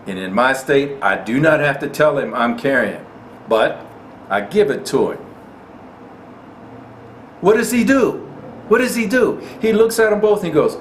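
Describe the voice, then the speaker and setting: A man's voice: mid-range voice, very animated, a little slow, long pauses, a bit bright. A man hosting a gun rights channel, giving indignant commentary and repeating lines for emphasis. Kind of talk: impassioned commentary. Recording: echoey room with faint noise.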